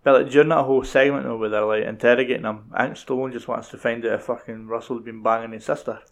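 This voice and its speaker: A man's voice: mid-range voice, steady tone, quick pace. A young Scottish man chatting casually and swearing freely while rambling through a film recap. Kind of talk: casual chat.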